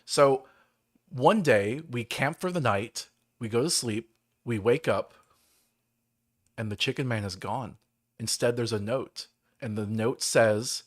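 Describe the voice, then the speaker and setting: Guy on a livestream rambling about a game, lots of likes and ums, middle pitch. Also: a little slow, long pauses. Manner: rambling, filler-heavy storytelling. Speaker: livestream host. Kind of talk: casual livestream chat.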